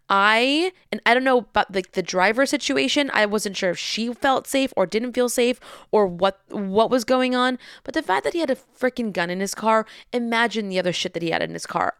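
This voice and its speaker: A young woman telling a story in a lively, casual way, acting out the people in it and swearing freely. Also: mid-range voice, clean tone, no room sound, clean studio sound. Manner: animated, acts out voices, swears freely.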